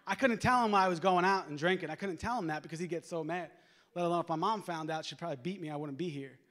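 A man with a high voice preaches from a church platform, with a long reverb ringing around him. He tells his own story in a plain, conversational way and urges the congregation to respond. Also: fast talker, fairly bright tone. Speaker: guest preacher giving testimony. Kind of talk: sermon testimony. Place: church sanctuary.

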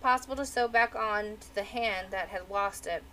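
A woman's voice: mid-range voice, moderate pace, sharp tone, a little hiss or hum, low-quality recording. Woman reading a novel aloud. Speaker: audiobook reader. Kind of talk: storybook narration.

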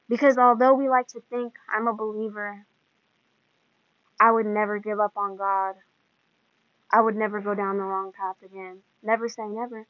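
A woman's voice: fairly high pitch, no echo. A woman hosting a podcast, giving an earnest, emotional devotional talk in a preaching manner. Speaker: podcast host. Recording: dull lo-fi dry sound.

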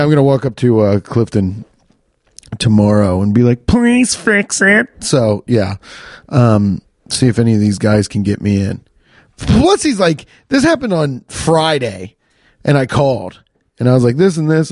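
A man's voice: mid-range voice, darkish tone, no echo. A man ranting in a casual monologue into a close podcast mic, profane and exasperated, with lots of restarts.

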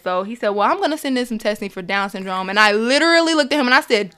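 A woman's voice: medium pitch, animated, fast talker, few pauses, a bit bright, a little hiss or hum. A young woman, a mother, telling an emotional personal story as an interview guest, acting out quoted dialogue and laughing often.

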